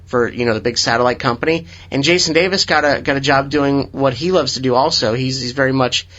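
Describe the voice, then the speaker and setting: Man, radio DJ guest, bright tense voice, relaxed chat. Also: mid-range voice, a little fast, dull audio. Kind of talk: casual studio chat.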